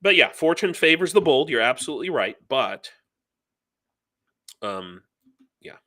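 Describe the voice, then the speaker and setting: A man's voice: fairly high pitch, big pitch swings, a little slow, pushed and bright. A man hosting a live news stream, giving heated, ranting commentary and reading out viewer comments. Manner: passionate, ranting, reads viewer comments aloud. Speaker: livestream news host.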